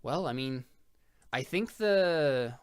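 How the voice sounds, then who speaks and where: A man's voice: mid-range voice, expressive, takes it slowly, smooth. A man doing a hesitant Canadian-accented companion. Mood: eager. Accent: attempted Canadian. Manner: hesitant, rambling.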